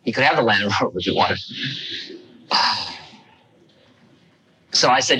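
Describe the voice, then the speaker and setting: An older man telling a personal story to an audience, animated and acting out the lines he quotes. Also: deep voice, a little fast, vocal fry, pauses often, husky, rough recording. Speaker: speaker recounting a personal story. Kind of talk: storytelling talk.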